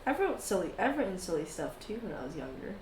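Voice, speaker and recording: A woman's voice: fairly low pitch, sing-song, fast, darkish tone. A woman chats and giggles her way through narrating a tabletop game. She sounds echoey, with a faint hiss in the background. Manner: giggly, casual. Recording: echoey room with faint noise.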